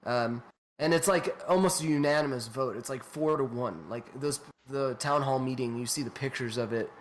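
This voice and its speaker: A man's voice: medium pitch, normal speed. A man from New Mexico co-hosting a podcast in casual, profane chat, laughing often. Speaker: podcast co-host.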